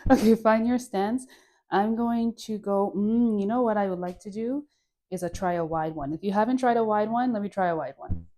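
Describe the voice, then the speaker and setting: A woman with a Caribbean accent leading a guided dance class, relaxed and playful, counting moves and sighing through deep breaths. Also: moderate pace. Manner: playful, laughs at her own jokes. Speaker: dance instructor.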